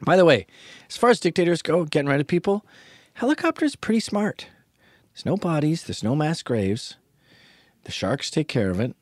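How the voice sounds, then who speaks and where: A man's voice: on the high side, big pitch swings, normal speed, long pauses, no echo, clean studio sound. A man hosting a podcast, talking alone in a sarcastic, crude, rambling way. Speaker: podcast host. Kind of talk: casual podcast monologue.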